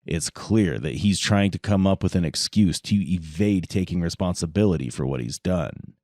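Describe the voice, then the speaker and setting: A male narrator delivering scripted true-crime narration in a measured, dramatic way. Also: sits low, mellow, no echo, clean studio sound.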